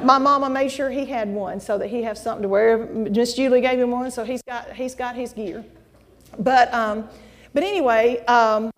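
A middle-aged woman giving a folksy, animated testimony to a church congregation. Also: on the high side. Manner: folksy, animated storytelling, addresses audience as y'all. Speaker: guest speaker at church. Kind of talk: testimony sermon. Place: church sanctuary. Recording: long hall reverb.

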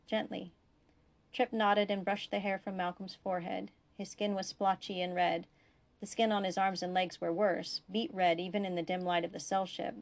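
A woman narrating a science fiction story aloud in a steady, even way. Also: mid-range voice, vocal fry. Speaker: fan fiction reader.

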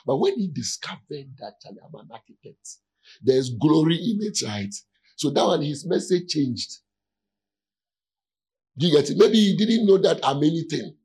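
A man's voice: fairly high pitch, big pitch swings, moderate pace, a little mellow, breathy edge, rough recording. A man preaching as a pastor in a conversational sermon, often checking in with his listeners to see if they follow.

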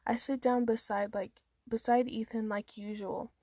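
A woman's voice: fairly high pitch, fairly even intonation, moderate pace, dark tone, dry recording. Young-sounding casual woman reading her story. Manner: casual amateur reading with small stumbles and restarts. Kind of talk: first-person storytelling read aloud.

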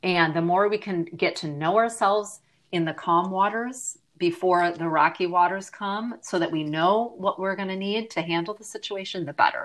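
A middle-aged woman, a grief advocate appearing as a podcast guest, shares a personal story earnestly and reflectively. Her lowish voice has a fairly bright tone and sometimes drops to a near-whisper.

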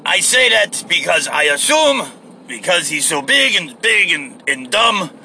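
A man's voice: fairly high pitch, expressive, a little slow, creaky, pushed and bright, a little hiss or hum, voice pushed up, full character voice. A man doing a silly fake accent to entertain his podcast listeners, drawn out and goofy. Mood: hammy.

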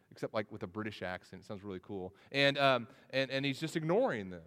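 A man preaching a sermon as pastor, earnest, often repeating words and restarting, his voice rising when he pleads. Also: mid-range voice. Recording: long reverb of a hall.

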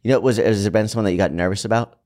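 A male co-host with a fairly low voice who talks quickly and eagerly. He laughs easily in casual conversation. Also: a little mellow. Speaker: podcast co-host. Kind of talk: casual chat.

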